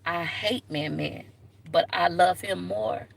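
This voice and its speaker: A woman's voice: slow, gravelly, full character voice. A woman doing a heartbroken girlfriend moping over her diary. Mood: mopey, hushed. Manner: low, hushed, self-pitying.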